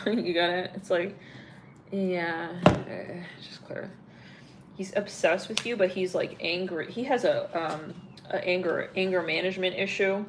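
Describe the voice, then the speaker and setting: A woman's voice: fairly low pitch, noisy background. A young woman doing a casual live tarot reading, rambling and blunt, full of filler words and swearing. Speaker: tarot reader.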